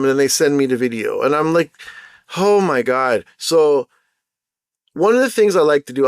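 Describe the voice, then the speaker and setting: A man ranting casually in an exasperated, repetitive, animated way as a podcast host. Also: on the high side, no room sound, studio quality.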